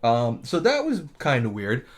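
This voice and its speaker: A man's voice: mid-range voice, huge pitch swings, a little slow. A man co-hosting a casual comedy podcast, telling a story with swearing and quoted voices. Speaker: podcast co-host.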